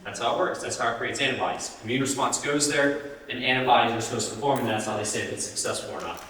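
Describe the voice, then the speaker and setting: A man's voice: mid-range voice, fast talker, pushed and bright. A man giving a live health talk, speaking conversationally and often putting questions to the audience. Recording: roomy hall, distant mic.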